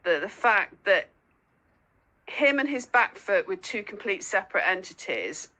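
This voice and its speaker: A woman guest in a casual interview, telling lively stories with lots of laughter and squeaky acted-out asides. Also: a little slow, poor audio. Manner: giggly storyteller, acts out lines in a high squeaky voice. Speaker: guest, dog owner and foster carer.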